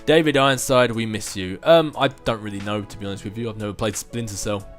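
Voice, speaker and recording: A man's voice: on the low side, fast talker, faint music behind. A man in his twenties answering viewer questions in a casual chat, rambling, self-mocking and chuckling often. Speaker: gaming video host answering viewer questions.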